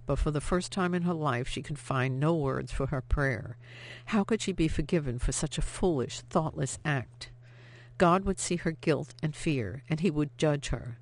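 An audiobook narrator reading a novel aloud in steady, expressive scripted narration. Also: mid-range voice, dry recording.

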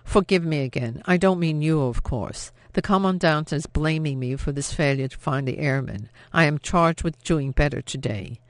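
A man's voice: fairly high pitch, normal speed, few pauses, dry recording, natural voice. A man playing an agitated German army captain whose formal, clipped speech barely holds back anger. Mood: tense.

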